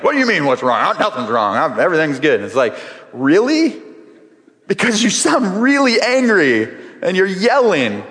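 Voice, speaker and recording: A man's voice: medium pitch, fairly bright tone, long reverb tail. A man preaching a sermon with earnest, repeated phrases as he builds each point. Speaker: pastor.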